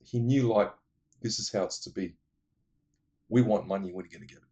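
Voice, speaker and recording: A man casually retelling movie plots in an animated way, adding vocal sound effects. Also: fairly low pitch, normal speed. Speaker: movie reviewer.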